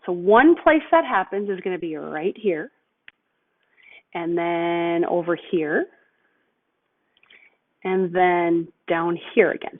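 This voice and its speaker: A woman teacher explaining a math lesson patiently, step by step, slowing down on key terms. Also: mid-range voice. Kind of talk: recorded video lesson. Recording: tinny phone-like audio.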